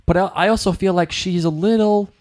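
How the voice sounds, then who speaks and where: A man's voice: high-pitched, steady tone, fairly quick, a little mellow. A young man with a Boston accent co-hosting a podcast, talking in a chatty, rambling way with many restarts. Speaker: podcast co-host. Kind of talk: casual chat.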